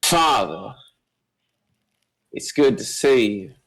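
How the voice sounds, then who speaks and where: A man voicing a defiant young woman who speaks firmly and in a measured way, with no stutter. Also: mid-range voice, big pitch swings, fairly bright tone, a little hiss or hum, low-quality recording. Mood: cold. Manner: firm, measured, without stutter. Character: defiant young woman, cold crime heir.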